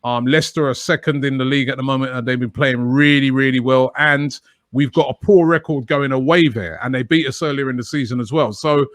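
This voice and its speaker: A man's voice: medium pitch, fairly even intonation, fairly quick, no room sound. Chatty man with a dry close sound. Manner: chatty, emphatic, frequent "you know". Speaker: guest, fan channel presenter. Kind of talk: podcast interview answers.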